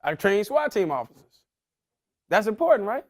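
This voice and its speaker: A man's voice: high-pitched, very animated, moderate pace. A man giving a motivational talk, quizzing his young audience in casual slang. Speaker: motivational speaker.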